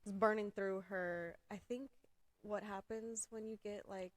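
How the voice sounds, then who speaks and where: A woman's voice: mid-range voice, steady tone, a little slow. A woman co-hosting a podcast in casual chat, explaining things and recounting her memories with plenty of fillers. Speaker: podcast co-host.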